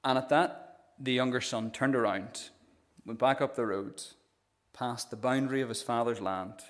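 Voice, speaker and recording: A man's voice: medium pitch, moderate pace. A male pastor delivering a sermon earnestly, retelling a parable and often repeating first sounds as he starts phrases. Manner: earnest, storytelling, frequent stammered restarts.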